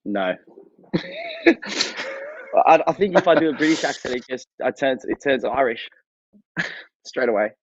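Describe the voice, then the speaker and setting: A man's voice: mid-range voice, expressive, unhurried, long pauses, muffled recording, slight background noise. A young man, a lifeguard guest, chatting casually, laid-back and joking with frequent laughs. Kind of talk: casual interview chat.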